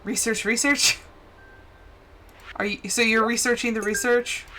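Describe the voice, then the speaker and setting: A young woman chats casually through a gaming live stream in a slightly high voice. Her chatter is playful and easygoing, and she drifts into animated little stories as she plays. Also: measured pace, background noise.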